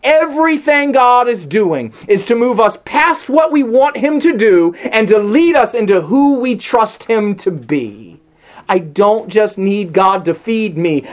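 Preacher swinging from hush to emphasis. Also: medium pitch. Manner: swings between soft hushed lines and raised emphatic ones; builds with strings of rhetorical questions. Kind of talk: sermon.

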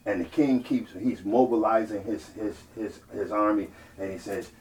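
A male preacher telling a story in a sermon, animated and playful, calling out to the congregation and building to loud peaks. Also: fairly low pitch, moderate pace. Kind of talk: storytelling sermon with call-and-response. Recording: distant mic, faint ambient noise.

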